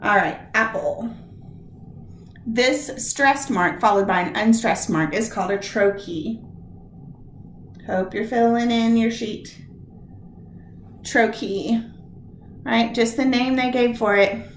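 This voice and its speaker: A woman teaching a lesson on poetic meter, explaining step by step and sounding out words slowly to show where the stress falls. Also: a little high, roomy sound, slight background noise. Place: room with a whiteboard.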